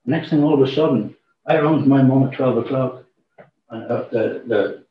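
A man's voice: medium pitch, moderate pace, a little hiss or hum. Man, church testimony, rambling storyteller; distant mic, echoey room. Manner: rambling storyteller, acts out quoted dialogue. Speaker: church speaker giving a testimony. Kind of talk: informal testimony to a congregation. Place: church hall. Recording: roomy, distant, dull church recording.

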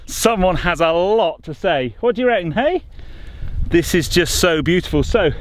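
A man's voice: sits high, animated, normal speed, slight background noise. A man, out on a countryside walk with his dogs, chatting casually to the camera as he goes. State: out of breath while climbing. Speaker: vlogger. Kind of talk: casual walking vlog. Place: outdoors on a countryside hill walk.

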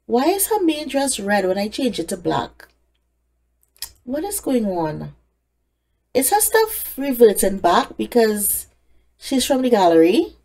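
A woman's voice: on the high side, darkish tone. A woman giving casual let's-play commentary, chatting away and talking to the game characters. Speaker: gaming creator.

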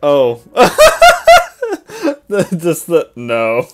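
Giggly slow-talking woman gaming. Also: low voice, lively intonation. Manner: giggly, laughs often, teasing. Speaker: co-op gaming partner. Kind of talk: casual gaming chat on a live stream.

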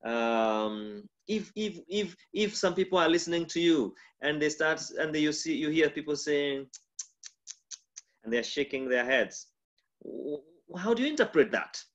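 A man with a Kenyan accent, a pastor giving a mentorship lecture on communication, demonstrative and full of pauses and shifts in volume. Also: highs cut off. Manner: lively, demonstrative, shifts volume and pitch to illustrate.

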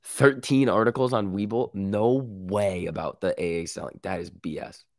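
A man's voice: on the low side, fairly even intonation, normal speed, creaky, no room sound, studio quality. A man with a sick voice hosting a live stock market stream, reading chat and reacting in casual slang. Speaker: stock market livestream host.

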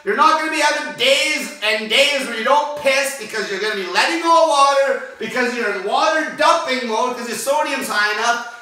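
A man ranting aggressively about diet, swearing nonstop and often shouting. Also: very high-pitched, recorded from a distance. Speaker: diet vlogger. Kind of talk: profane fasting rant. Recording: very echoey room, voice off-mic.

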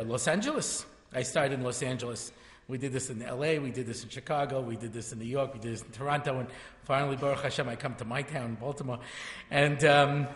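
A rabbi of around sixty speaks at a medium pitch, telling jokey stories during a lecture to a live audience in a large hall. His talk is full of chatty asides and self-interruptions, and the hall's reverb makes the recording echoey.

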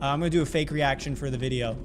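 A young adult streamer giving live gameplay commentary, excitable and jumpy, swearing often. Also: mid-range voice, racing, music in the background. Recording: noisy background.

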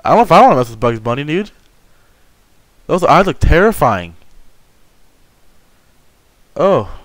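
Young male gamer, unhurried, lively pitch, easily spooked commentator. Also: no echo. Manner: jittery, swearing, yelps when startled. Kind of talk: horror game commentary.

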